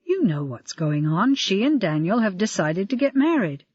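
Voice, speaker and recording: A woman's voice: medium pitch, big pitch swings, moderate pace, darkish tone, breathy edge, dry recording. Brief: reader playing a dry, sarcastic young woman on the phone to her dad, lo-fi. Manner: sarcastic, patient. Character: sarcastic young adult daughter.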